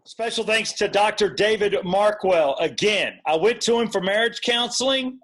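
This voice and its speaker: A male podcast host with a high voice talks in eager, joking banter. He swears casually and goes easily from praise for his guest to a sponsor read. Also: lively intonation, moderate pace, a bit bright.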